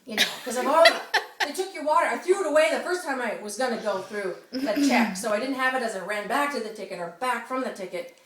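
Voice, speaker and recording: Animated woman telling a travel mishap. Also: fairly high pitch, fast talker. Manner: animated, acts out quoted voices, laughs often. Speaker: storyteller. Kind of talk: casual storytelling to a listener. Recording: roomy, distant mic, noisy background.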